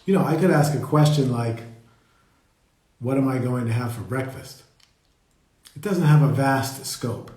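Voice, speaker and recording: Guy giving a slow thoughtful meditation talk, warm low tone, mid pitch. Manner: slow, reflective, greets viewers by name. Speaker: meditation teacher. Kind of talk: live-streamed meditation talk. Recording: roomy echo.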